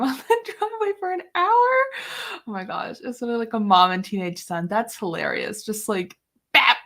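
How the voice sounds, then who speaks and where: A woman's voice: a little high, a bit bright. A young woman chatting casually to her viewers as a reading-sprint host, chatty and given to giggling. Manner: chatty and giggly, many fillers. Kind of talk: casual chat.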